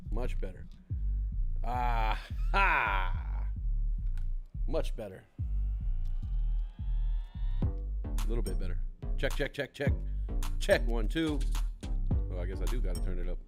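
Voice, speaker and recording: A man's voice: on the low side, lively intonation, slow pace, pauses often, over music. A man hosting a casual livestream who rambles in a chatty, self-deprecating way, close on a desk mic. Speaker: livestream host.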